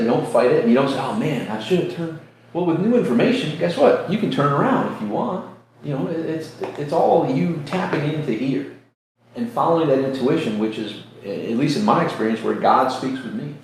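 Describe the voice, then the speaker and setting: Speaking a little fast, a New York State-raised man hosts an informal faith discussion in a somewhat high, animated and slightly mellow voice. He tells earnest personal anecdotes and voices the quoted characters himself. The echoey room near a beach has faint ambience and slight background noise.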